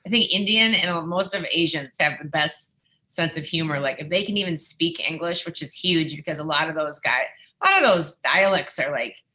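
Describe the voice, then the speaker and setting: A woman, a musician and former wrestling interviewer, telling stories in a chatty, animated way as an interview guest. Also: sits low, normal speed. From United States. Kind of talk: casual interview storytelling.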